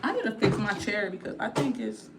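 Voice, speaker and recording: A woman's voice: mid-range voice, very animated, fairly quick, very noisy. A woman chatting casually on a livestream, rambling and talking straight to her viewers in a blunt, outspoken way.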